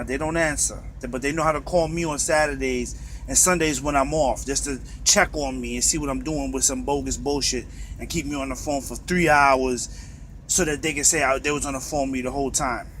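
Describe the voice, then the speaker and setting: A man's voice: mid-range voice, steady tone, brisk, a bit bright, slight background noise. Bitter New York man ranting. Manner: profane, bitter, agitated. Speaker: truck driver. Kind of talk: angry ranting monologue. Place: inside a truck cab.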